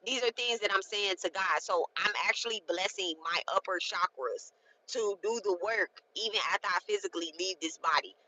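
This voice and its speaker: A woman's voice: medium pitch, a little fast, pushed and bright, poor audio. A woman in her late thirties talking casually and emphatically through a spiritual ritual, often checking in with her listeners. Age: 30s. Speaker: spiritual content creator. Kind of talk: casual spoken ritual walkthrough.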